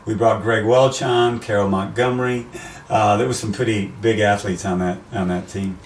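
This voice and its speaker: An older American man, a race announcer, telling animated stories in a casual interview. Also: on the low side, normal speed, distant mic. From USA. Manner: animated anecdotes, acts out quoted voices. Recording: roomy, off-mic, faint background noise.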